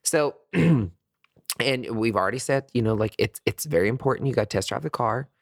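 A man talking candidly to his viewers in a sassy, animated way, full of swearing and pet names, with sudden high squeals of disgust. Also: fairly quick, creaky, slightly rough, no echo, studio quality. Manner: very expressive pitch swings, high squeals of disgust. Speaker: vlogger sharing dating opinions.

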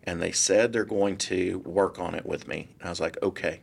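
A man's voice: sits low, moderate pace, vocal fry, husky. A man, a guest real estate broker telling a story casually and acting out the quotes in changing voices. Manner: animated, acts out quotes in different voices.

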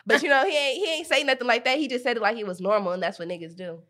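Brash, bright-voiced woman with an Atlanta accent. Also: a little high, racing. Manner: blunt, profane, animated, laughs often. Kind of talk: candid casual chat.

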